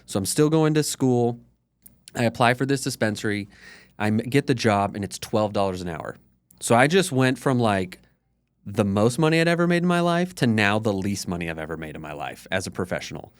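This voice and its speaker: A man's voice: on the low side, big pitch swings, a little fast, dry recording, studio quality. A man in his thirties, a podcast guest, telling his story in a candid, conversational way full of "like". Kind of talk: casual storytelling interview.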